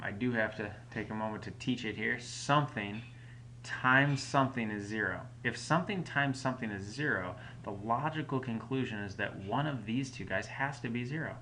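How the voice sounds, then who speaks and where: A man's voice: lowish voice, sharp tone, slight background noise. A man teaching a recorded math lesson at home, explaining each step patiently in a casual way. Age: adult parent.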